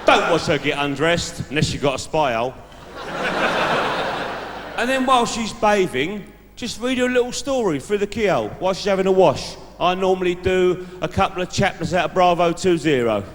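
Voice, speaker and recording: A man's voice: high-pitched, animated, moderate pace, very noisy. A man doing a stand-up act as a brash, laddish bloke giving dating tips to a live audience. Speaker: stand-up comedian. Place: large live venue stage. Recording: echoey hall from the stage mic.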